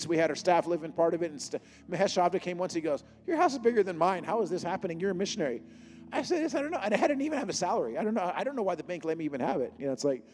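Fast-talking animated male preacher. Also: a little high, long reverb tail. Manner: animated storytelling, acting out dialogue with God. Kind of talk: sermon with humorous testimony.

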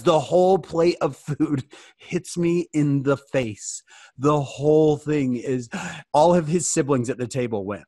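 A man in his forties at home, giving a humorous storytelling talk to teenagers, animated and joking, calling on listeners by name. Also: medium pitch, unhurried, no room sound, studio quality. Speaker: youth fireside speaker.

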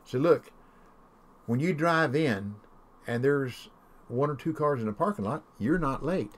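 A man with a drawl talks easily as he streams a game, at an ordinary middle pitch. He drifts from one homespun story to the next in a loose, rambling way. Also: expressive, a little slow. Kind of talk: casual chat while gaming.

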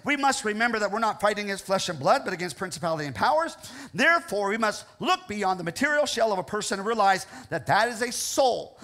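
Midwestern pastor guy preaching, pretty high voice, keeps asking okay?. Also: sharp tone. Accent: Ohio, American Midwest. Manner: earnest, repetitive preaching with frequent "okay?" check-ins. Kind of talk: sermon. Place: church sanctuary.

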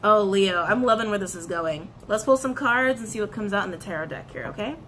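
Animated woman doing a tarot reading. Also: medium pitch, brisk, slight background noise. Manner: animated, repeats phrases, excited outbursts. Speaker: tarot reader.

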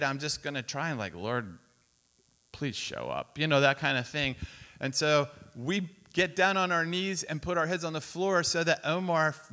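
Guy preaching at a camp, bright clear voice, acts out all the quotes in his story. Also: mid-range voice. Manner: animated storytelling, acts out quotes, drops to whispers. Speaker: speaker at a youth camp. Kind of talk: storytelling sermon. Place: camp meeting hall.

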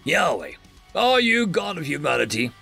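A man's voice: on the high side, sing-song, normal speed, vocal fry, bright, forceful tone, husky, soft background music, pitched above the performer's own voice, heavily acted. A man voicing a cold, arrogant alien official who judges civilizations, speaking bluntly in a storybook reading. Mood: curt. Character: cold arrogant alien male god-assessor.

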